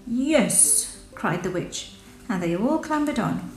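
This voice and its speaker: A woman reading a rhyming picture book aloud with a slow, rhythmic delivery. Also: mid-range voice, expressive, echoey room, soft background music, rough recording. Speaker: storyteller.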